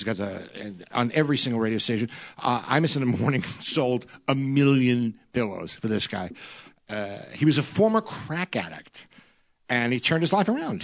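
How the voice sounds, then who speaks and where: Rambling male comedy podcast host. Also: medium pitch. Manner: rambling, laughing asides, fillers.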